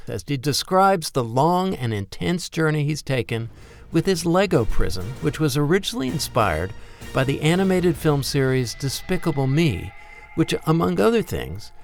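A man's voice: on the high side, very animated, normal speed. A man hosting a podcast, reading a scripted introduction. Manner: smooth, read-aloud intro over music. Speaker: podcast host. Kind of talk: scripted narration.

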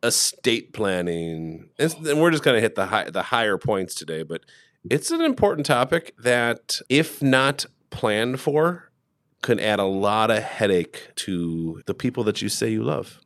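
A man's voice: on the low side, big pitch swings, a little slow, a bit bright, no echo, clean studio sound. A man co-hosting a podcast as a financial advisor, chatting casually and rambling through his stories. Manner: rambling storyteller.

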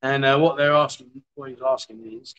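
A man's voice: mid-range voice, steady tone, normal speed, a bit bright, clear, resonant tone, low-quality recording. A man hosting a casual livestream, reading out viewer comments with jokey, exasperated asides. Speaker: livestream host.

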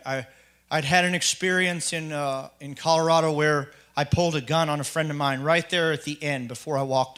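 Bright earnest man telling his testimony. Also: a little high. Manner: earnest, halting, with frequent restarts and repeated "and". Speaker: testimony speaker. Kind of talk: spoken personal testimony.

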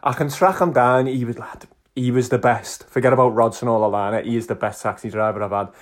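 A man's voice: mid-range voice, steady tone, fast. A man, co-hosting a casual chat and rambling through a story, calling his friend "lad". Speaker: podcast co-host.

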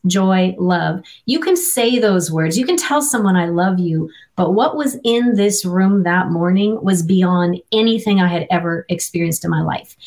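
A middle-aged woman, an interview guest, sharing a personal faith testimony in an earnest, vivid storytelling manner. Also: medium pitch.

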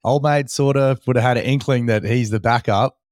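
A man's voice: mid-range voice, steady tone, a little fast, darkish tone, no echo, clean studio sound. An Australian man hosting a podcast, chatting casually and reflectively in short phrases. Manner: reflective, talks in short listed phrases with frequent "you know". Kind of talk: casual interview chat.

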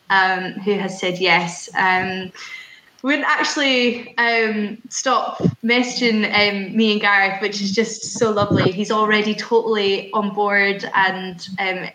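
A woman's voice: mid-range voice, pushed and bright. A young woman, an actor, chatting casually and giggly with lots of filler words. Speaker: actor, guest. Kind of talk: casual chat. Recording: roomy, faint noise.

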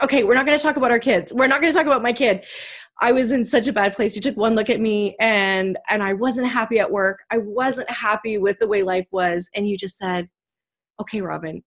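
A woman from Canada hosting a podcast interview, talking in an earnest, heartfelt way about a personal story. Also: a little high. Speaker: podcast host. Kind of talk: emotional conversational interview.

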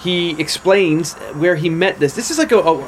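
A man co-hosts a podcast in casual chat, wry and joking as he retells a story. His voice sits a little higher than most men's. A faint hiss runs under the recording. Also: lively intonation, normal speed. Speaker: podcast co-host.

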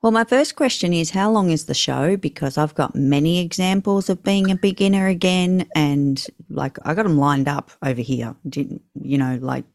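A woman from the Southern Hemisphere guesting on a podcast, with a slightly low voice. She talks in a chatty way, full of fillers. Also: normal speed, hardly any pauses, darkish tone. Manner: chatty, uses many fillers. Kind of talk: casual podcast chat.

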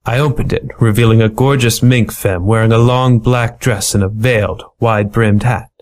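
Man reading a noir story, deadpan. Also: fairly low pitch. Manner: playful, deadpan noir delivery. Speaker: story reader. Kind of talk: storybook narration.

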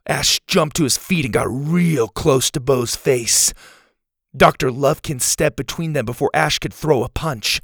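Gravelly male narrator and host, dry close sound, kids' storybook reading. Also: mid-range voice, unhurried, a bit bright, no room sound.

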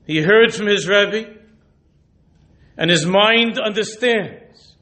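A man's voice: high voice, takes it slowly. A man, a rabbi, giving a Torah lecture who mixes Hebrew and Yiddish terms into his English and presses his listeners with rhetorical questions. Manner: drops to a hushed, intimate voice when retelling a story. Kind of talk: sermon.

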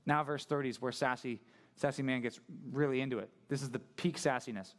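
A male pastor preaching a sermon in a casual, conversational, animated way. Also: medium pitch, brisk.

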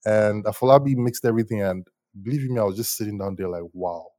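A young man speaks low and close in a dry, deadened sound. He tells his story in a lively, slangy, casual way, laughing often as he goes. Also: quick pace, no echo. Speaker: musician guest.

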